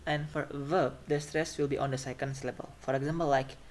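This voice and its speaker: A man's voice: medium pitch, flat delivery. Man teaching pronunciation. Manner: repeats example words slowly, checks with "right?". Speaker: phonetics teacher. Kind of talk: classroom lecture.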